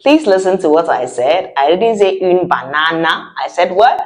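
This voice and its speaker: A woman teaching French vocabulary, saying each word slowly and lifting her voice on the articles. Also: sing-song, a little mellow. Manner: slow drawn-out model words with high lifted articles. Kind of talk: repeat-after-me vocabulary lesson.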